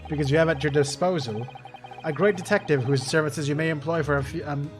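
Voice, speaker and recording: A man voicing a pompous, eccentric British gentleman detective in a video game, reading the dialogue with grand, old-fashioned formality. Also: a little high, brisk, lightly acted. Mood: grandiose. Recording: game music playing behind.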